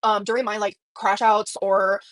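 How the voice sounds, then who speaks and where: A woman's voice: mid-range voice, flat delivery, normal speed, a bit bright, no echo. A woman livestreaming, telling a personal story in a rambling, emotional way with many fillers. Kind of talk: casual livestream chat.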